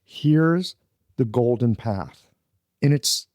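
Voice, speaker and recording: A man's voice: mid-range voice, lively intonation, slow pace, a little mellow, dry recording, clean studio sound. A man hosting a podcast interview, responding with appreciation. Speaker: podcast host. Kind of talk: conversational interview.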